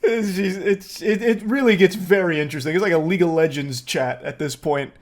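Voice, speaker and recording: A man narrating reaction commentary in a sarcastic, profane way. His voice sits a little high for a man and often tips into dry mockery. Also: a little fast. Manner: sarcastic, profane, breaks into laughter.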